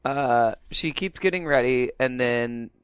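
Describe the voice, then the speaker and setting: Smooth-voiced male podcast co-host. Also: mid-range voice, unhurried, no echo, clean studio sound. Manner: relaxed, recaps plots, many agreeing yeahs. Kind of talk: casual chat.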